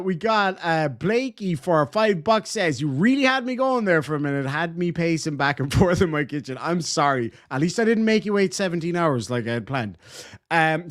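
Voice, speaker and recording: A man casually reading out super chats on a livestream, animated and full of swearing and quick thank-yous. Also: on the high side. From Ireland.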